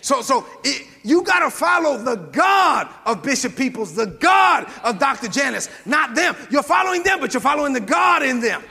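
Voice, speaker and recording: A man with a very high, gravelly voice delivers a sermon that keeps rising to shouts. His tone is bright and husky, and his words echo through a hall with a long reverb. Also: big pitch swings, normal speed, few pauses. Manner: call-and-response preaching, often rising to shouts. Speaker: preacher.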